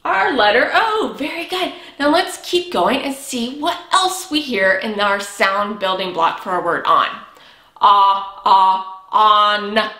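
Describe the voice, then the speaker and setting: A woman's voice: on the high side, very animated, unhurried, hardly any pauses, bright, forceful tone. A woman teaching a preschool lesson, speaking patiently and encouragingly and stretching out sounds for young children. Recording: echoey room.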